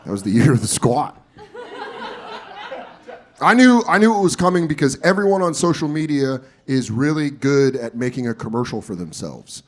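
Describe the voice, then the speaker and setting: A man doing a stand-up comedy set on a club stage, telling profane stories with loud, exaggerated bursts of character voices. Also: mid-range voice, big pitch swings, normal speed.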